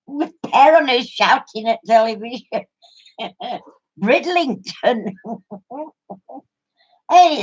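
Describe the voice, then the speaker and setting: A fairly high-pitched voice with a darkish tone belongs to an older craft vlogger from Yorkshire. She chats casually and tells her viewers a story, laughing often, on a muffled lo-fi recording.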